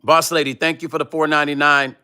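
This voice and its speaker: A man's voice: a little high, little pitch movement, fast talker, pushed and bright, clear, resonant tone. A man hosting his own livestream, ranting confrontationally and profanely at a rival, reading chat comments aloud. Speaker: vlog host reading live chat. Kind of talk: heated livestream rant.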